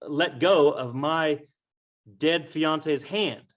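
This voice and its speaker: A man's voice: fairly high pitch, very slow, fairly bright tone. A man voicing a blunt, confrontational young nobleman. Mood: indignant. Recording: dull lo-fi recording.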